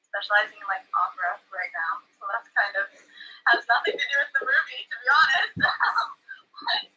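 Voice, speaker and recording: A young adult woman speaks with a bright, slightly husky voice that swoops up and down. She chats casually in a livestream Q&A and sprinkles her talk with "like". Her voice sits a little high. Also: expressive, brisk, highs cut off. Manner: chatty, with laughs and "like" fillers. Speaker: actress in the film.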